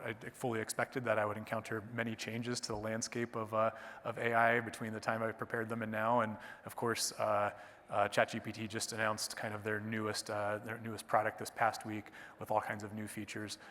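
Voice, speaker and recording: A man's voice: on the low side, level tone, normal speed, fairly bright tone. A man giving a conference talk and taking audience questions, in a conversational manner that often tags points with "right?". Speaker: conference presenter, clerkship educator. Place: lecture hall. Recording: long reverb of a lecture hall.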